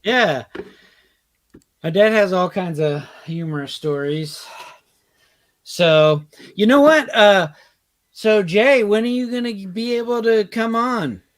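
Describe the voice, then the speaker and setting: A man's voice: high-pitched, slow pace, long pauses. A man co-hosting a podcast, telling rambling stories in casual chat and laughing along with them. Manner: rambling, laughs through his own stories. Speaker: podcast co-host.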